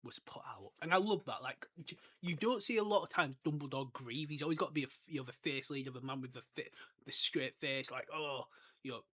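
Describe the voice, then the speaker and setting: A podcast host with a mid-range, sharp-toned voice talks a little fast as he discusses a book loosely, reading passages aloud. He rambles and laughs at his own jokes.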